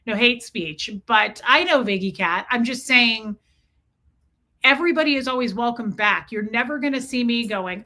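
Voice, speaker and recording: A woman's voice: on the high side, moderate pace. A woman hosting a casual live stream, reading chat messages aloud and greeting viewers by name, talking in an effusive, repetitive way. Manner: effusive, repeats herself, shout-outs to chat names. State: cold, freezing. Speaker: livestream host. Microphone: streaming mic.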